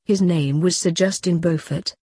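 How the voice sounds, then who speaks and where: A woman narrating a storybook tale in a steady, plain reading manner. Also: fairly low pitch, normal speed, slightly rough, no echo.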